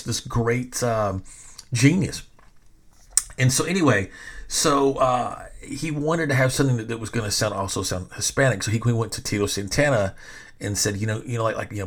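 A man in his forties hosting a podcast in a casual, rambling monologue, full of fillers. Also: fairly low pitch. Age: 40s. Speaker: podcast host.

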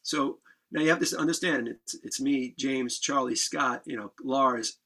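A man appearing as a guest on a podcast tells a wild story in a relaxed, animated way, cursing and laughing along the way. His voice is mid-range and he talks a bit slowly.

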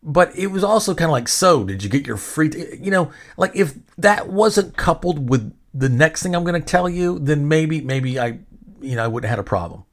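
A man's voice: a little high, animated, moderate pace. A man hosting a podcast, telling a long story in casual chat, rambling and indignant, swearing freely and restarting his sentences. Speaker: podcast host.

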